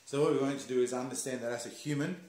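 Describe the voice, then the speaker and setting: A man calmly explaining ideas in a measured, teacher-like way during a casual talk. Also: mid-range voice. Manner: calm, slow, explaining like a teacher. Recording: roomy echo.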